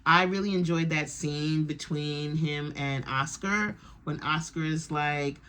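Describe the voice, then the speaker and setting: A woman's voice: deep voice, slow pace, a bit bright, a little hiss or hum. A woman vlogger giving a casual, rambling and opinionated recap of a TV episode. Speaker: TV reaction vlogger.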